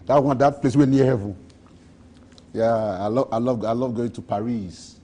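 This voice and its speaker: A man's voice: mid-range voice, normal speed, warm tone, a little hiss or hum. Rambling, joking Nigerian man. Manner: playful, rambling and boastful, with repeated phrases. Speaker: interviewee. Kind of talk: joking street interview.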